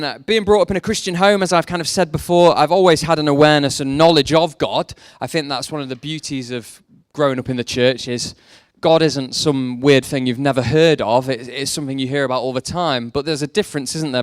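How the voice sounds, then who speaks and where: A man's voice: mid-range voice, fairly quick, hardly any pauses, smooth, no room sound, studio quality. A young man preaching a sermon, mixing faith talk with self-deprecating jokes about his past. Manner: jokey, self-deprecating storytelling. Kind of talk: sermon with personal stories.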